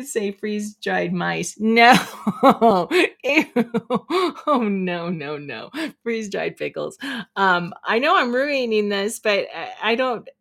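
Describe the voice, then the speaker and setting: A woman hosting a casual live stream, reading trivia questions aloud to her viewers, chatty and often giggling. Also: medium pitch.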